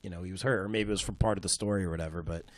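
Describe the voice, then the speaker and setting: A man's voice: deep voice, fairly even intonation, racing, no echo. Man, easygoing podcast host, casual chat, lots of fillers, dry close sound.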